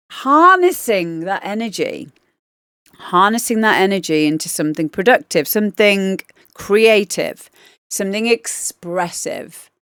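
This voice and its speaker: A woman's voice: medium pitch, clear, resonant tone, dry recording, studio quality. A woman DJ hosting a livestream, chatting casually and rambling with lots of fillers as she gives feedback on demos. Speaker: DJ and livestream host.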